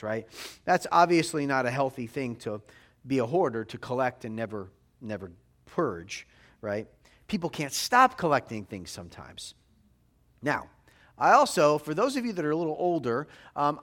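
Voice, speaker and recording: A man's voice: fairly high pitch, a bit bright. A middle-aged man preaching a sermon as a rabbi, talking conversationally to the congregation and often asking "right?". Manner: conversational preaching, frequent tag questions.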